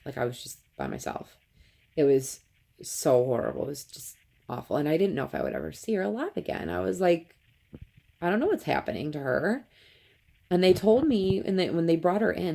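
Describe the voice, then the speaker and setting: In her thirties, this mother vlogs a personal story straight to camera, earnest and emotional, acting out each quote herself. Her voice is rumbling and low, gravelly, with a darkish tone.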